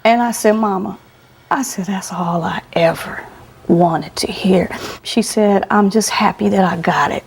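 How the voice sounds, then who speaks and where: A woman's voice: medium pitch, unhurried, vocal fry, a little hiss or hum. Woman telling a heartfelt personal story. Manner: animated, acts out quoted voices, laughs often. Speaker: interview guest.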